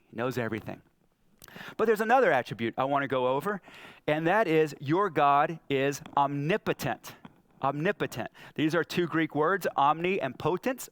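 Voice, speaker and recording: Animated man preaching a sermon. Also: on the high side. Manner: animated storytelling, acting out scripture. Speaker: pastor.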